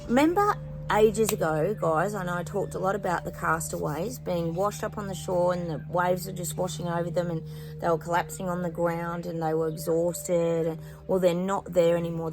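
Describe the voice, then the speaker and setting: A woman's voice: fairly low pitch, fairly even intonation, moderate pace, noisy background. A woman hosting a psychic channel, chatting casually to her viewers with fillers and rambling asides. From New Zealand. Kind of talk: casual spoken predictions to viewers. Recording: music playing behind.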